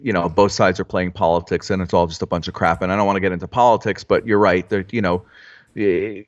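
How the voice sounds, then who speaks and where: A man with a fairly low voice chats loosely on a trading livestream, joking with his co-hosts and restarting his sentences. The audio is dull and lo-fi, like a home stream setup. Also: steady tone, quick pace. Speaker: stock trading livestream host. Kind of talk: casual live-stream chat. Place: Florida home trading room.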